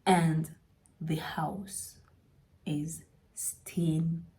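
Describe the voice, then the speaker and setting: A young woman casually telling a personal story to her channel, chatty, sometimes dropping into soft whispers for emphasis. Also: low voice, flat delivery, very slow.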